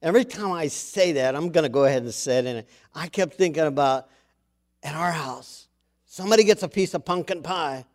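Folksy, animated male pastor. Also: fairly high pitch, fairly quick. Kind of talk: sermon with a joke story.

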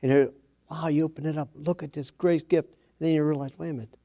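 Folksy storytelling preacher, mellow man. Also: a little high, steady tone, fast talker, gravelly. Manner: folksy storytelling, repeats phrases for emphasis. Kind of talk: sermon.

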